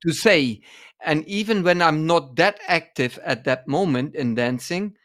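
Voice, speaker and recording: A man co-hosting a dance podcast in casual conversation, often pausing to search for words mid-sentence. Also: fairly high pitch, expressive, fairly bright tone.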